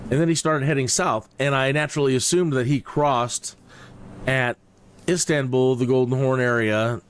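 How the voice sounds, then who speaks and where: A man in a relaxed live stream talks through his flight in a rambling, joking way, full of ums and restarts. His voice sits at a middling pitch, with a faint hiss of noise behind it. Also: normal speed. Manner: rambling, jokey, with many fillers. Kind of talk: casual live-stream commentary.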